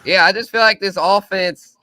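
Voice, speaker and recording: Man, podcast host, casual chat, bright crisp voice, dry sound. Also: high voice, moderate pace, dry recording. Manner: laid-back, thinking aloud with many restarts.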